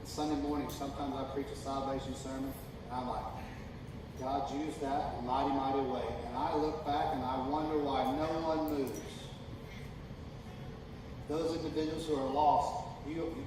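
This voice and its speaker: A man preaching a sermon as pastor, impassioned and sometimes rising to shouts. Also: a little high, fairly even intonation, moderate pace. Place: church sanctuary. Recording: echoey hall from far off with noise.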